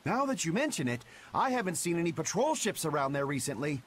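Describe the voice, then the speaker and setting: Brief: nervous, gossipy fisherman for a game, animated delivery. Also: fairly high pitch, a little fast, slight background noise. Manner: worried, gossipy, uneasy. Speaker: fisherman townsperson in a video game. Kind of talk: video game voice acting.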